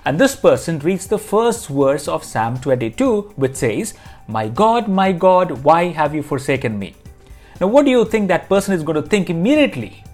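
A man's voice: on the high side, a little mellow. Earnest male pastor teaching scripture. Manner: earnest, measured, reads scripture aloud. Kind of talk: devotional Bible teaching.

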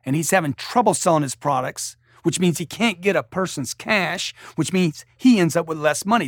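A man's voice: on the high side, animated, moderate pace, hardly any pauses, no echo. A middle-aged man giving a blunt, emphatic motivational talk on sales as a coach, speaking into a close studio mic. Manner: emphatic, blunt, with rising intensity. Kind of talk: motivational monologue.

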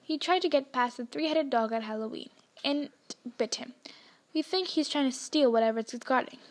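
Eager young schoolboy wizard in a storybook reading, voiced by a woman with a high voice. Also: normal speed, natural voice. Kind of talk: storybook read-aloud.

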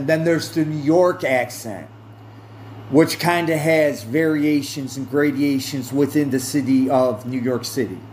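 A man hosting a podcast, talking in a slow, rambling monologue with many fillers and self-corrections. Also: a little high, darkish tone, a little hiss or hum. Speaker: podcast host. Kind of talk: casual monologue.

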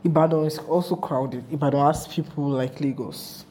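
A young Nigerian woman with a Nigerian accent, chatting casually in a vlog, telling her travel stories with animated, rambling asides. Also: deep voice, normal speed, slight background noise. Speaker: travel vlogger.

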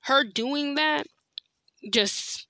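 A woman's voice: high voice, very slow, bright, forceful tone, no echo, studio quality. A woman telling a personal story in a candid, profane way, full of "like" and "you know". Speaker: podcast host.

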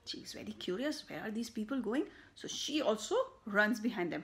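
A woman reading a picture book aloud to children, slow and animated, with buzzing and animal sound effects and soft whispered asides. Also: mid-range voice. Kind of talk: children's story read-aloud.

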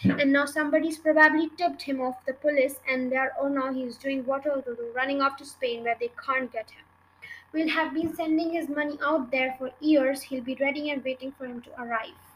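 Kind storybook teacher, soft and calm, high-pitched, read by a woman. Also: fairly quick, slight background noise, low-quality recording. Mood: gentle. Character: gentle kind young female teacher.

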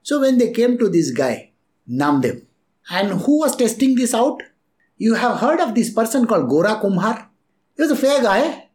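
A man tells a spiritual story in a relaxed, chatty way, chuckling often and slipping into the voices of the people in it. His pitch rises and falls widely. The sound is echoey, as if in a bare room.

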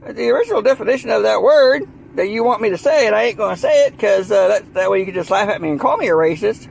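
A man's voice: high voice, lively intonation, quick pace, creaky, a little hiss or hum. A man with a Southern US accent in a heated, rambling monologue, repeating himself and leaning on fillers. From Southern United States. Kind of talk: ranting monologue.

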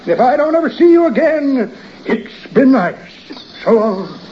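A rustic old-timer with a very high, bouncing voice. He drawls tall tales in rough country grammar, 1950s radio comedy style. The sound is a dull, hissy vintage broadcast. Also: sing-song, unhurried, heavily acted. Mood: folksy yarning. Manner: drawling, rustic grammar, spins absurd yarns. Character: folksy old man, rambling tall-tale teller.

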